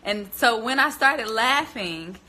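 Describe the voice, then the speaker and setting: A young woman with a bright, forward voice talks straight into her phone on a live stream. She tells a story to her viewers in a lively, chatty way and laughs often, calling them y'all. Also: on the high side, takes it slowly. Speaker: vlogger hosting a journaling live stream.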